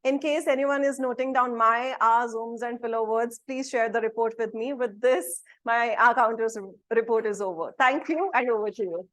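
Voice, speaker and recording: A woman's voice: a little high, normal speed, few pauses. A woman giving a methodical club-meeting report as ah-counter, listing each speaker in turn. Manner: methodical, lists speakers one by one.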